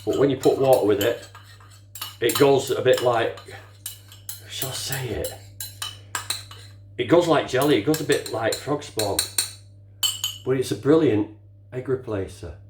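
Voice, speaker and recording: Muttering and mildly swearing as he cooks, an older home cook talks casually through a demonstration in his home kitchen. He has a mid-range, darkish voice, unhurried and pausing often, and the echoey recording carries a little hiss or hum alongside clinking dishes and utensils.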